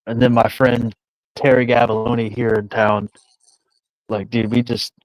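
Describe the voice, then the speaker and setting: A man's voice: mid-range voice, level tone, measured pace, no room sound, rough recording. A man co-hosting a casual commentary chat, mocking and chatty with lots of "like" and "dude". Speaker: co-host.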